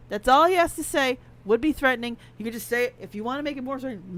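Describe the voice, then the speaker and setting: A woman co-hosting a casual game stream, talking in an animated, rambling, opinionated way. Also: high voice, fast talker, hardly any pauses. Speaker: podcast co-host playing a game. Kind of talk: casual let's-play chat.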